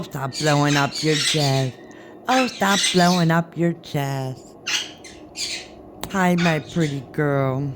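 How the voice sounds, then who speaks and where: Her deep voice moves slowly, pausing often, as this woman coos baby talk at her parrots at home, coaxing them to step up and speak on camera. Background noise and loud squawking from the birds fill the recording.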